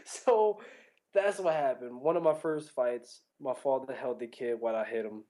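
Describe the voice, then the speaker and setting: A man telling a childhood story in casual chat, animated and laughing often. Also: mid-range voice, normal speed.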